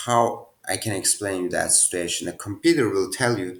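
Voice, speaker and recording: A young programming teacher with non-native phrasing talks casually through quiz answers at his computer in a screen-share tutorial. His voice is low-pitched, at a moderate pace with few pauses.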